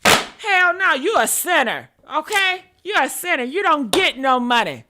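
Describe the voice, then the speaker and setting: A woman's voice: high-pitched, big pitch swings, moderate pace, very noisy. A woman hosting opinionated commentary, talking bluntly and with sass, cursing freely. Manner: blunt, sassy, profane. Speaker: host.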